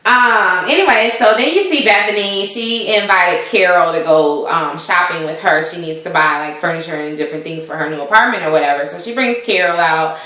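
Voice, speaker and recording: A woman's voice: on the low side, fairly quick, few pauses, bright, forceful tone. A woman casually recapping a TV episode in a rambling way, full of fillers and asides. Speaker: TV show recap vlogger. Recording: very echoey room.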